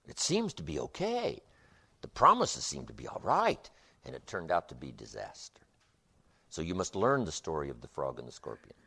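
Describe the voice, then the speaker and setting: Man, motivational speaker, lowish voice, very lively pitch, emphatic repeated phrases. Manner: emphatic, repetitive, rhythmic delivery. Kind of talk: motivational seminar lecture.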